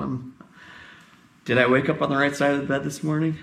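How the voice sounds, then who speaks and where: A man's voice: medium pitch, little pitch movement, fairly quick, vocal fry, a bit bright, echoey room. A male pastor giving a conversational sermon, tired, often asking his congregation questions.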